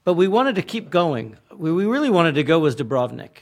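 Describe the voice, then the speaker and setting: Young American man, casual storyteller, swears easily, voice pitched a little high. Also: sing-song, a little fast. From United States. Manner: laughs often while telling the story, swears casually. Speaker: guest telling travel stories.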